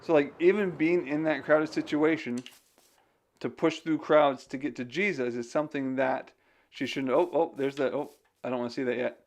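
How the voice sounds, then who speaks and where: A man's voice: on the high side, normal speed. A man streaming a game, casually chatting to himself and his viewers between thoughts on scripture. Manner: chatty, talks to himself while playing. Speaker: game streamer and digital missionary. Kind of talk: casual chat while gaming and reading scripture.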